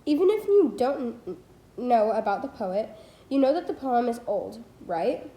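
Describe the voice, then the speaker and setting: A woman's voice: fairly high pitch, very animated, unhurried, warm tone, roomy sound. A teenage girl reading a nonfiction book aloud as a homemade audiobook, careful and plain, with small slips and self-corrections. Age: teens. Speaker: student reader. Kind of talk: amateur audiobook read-aloud.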